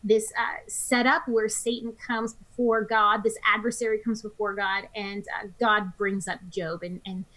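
A woman co-hosting a Bible study discussion, summing up scripture chapters briskly in her own words on a studio microphone. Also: mid-range voice, little pitch movement, sharp tone, rough recording.

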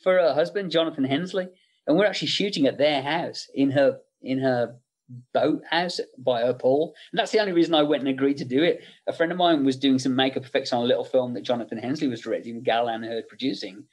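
A man's voice: medium pitch, quick pace. A middle-aged man, a makeup effects artist, chatting casually in an interview and telling anecdotes with many fillers.

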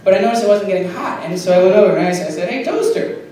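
A man doing a silly, pun-filled stand-up set in a small bar, deadpan and giggling at his own jokes. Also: high voice, racing, slight background noise. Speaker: stand-up comic. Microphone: phone camera. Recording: echoey bar, phone from far off, crowd.

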